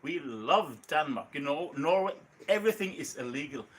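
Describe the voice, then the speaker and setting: A man's voice: on the high side, expressive, normal speed, breathy edge. A middle-aged man chatting casually on a livestream, hesitant with many restarts and fillers. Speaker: guest.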